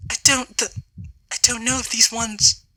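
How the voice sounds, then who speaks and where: A man's voice: extremely high pitch, little pitch movement, normal speed, pushed and bright, heavily acted. A man voicing a frightened young woman in despair, tearful and shaky. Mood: sobbing.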